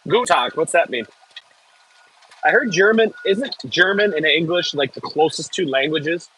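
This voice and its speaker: A man's voice: a little high, a little slow, pushed and bright, slight background noise, rough recording. An American man chatting casually on a live stream from the cab of a heavy machine, reading viewer messages aloud and swearing when it jolts. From United States. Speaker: livestreaming equipment operator. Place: cab of a heavy machine bouncing over frozen ground outdoors.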